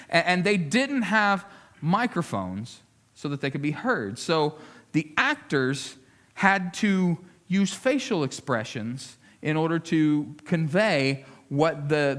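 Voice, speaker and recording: With a fairly high-pitched voice, a male lead pastor delivers a sermon that moves from forceful emphasis to soft pleading, frequently repeating words as he collects his thoughts.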